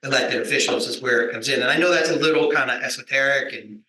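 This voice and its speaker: A man's voice: medium pitch, fast, pushed and bright, slight background noise. A man on a conference panel explaining his program in a thoughtful, explanatory way. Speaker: extension program leader. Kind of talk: panel discussion. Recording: echoey conference room.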